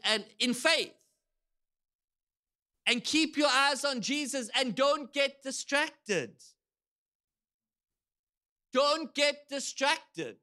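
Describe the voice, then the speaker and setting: A man preaching from the pulpit in a high, bright voice. He tells stories with animated energy, sometimes shouting out the lines he quotes. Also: smooth. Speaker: pastor. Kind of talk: sermon. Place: church.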